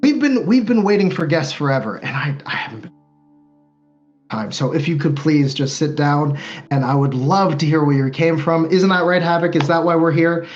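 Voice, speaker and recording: A man voicing a genteel, scholarly male vampire who greets guests in an overly polite, hurried way. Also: a little high, dull audio, faint music behind, close to an everyday voice. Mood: eager welcoming.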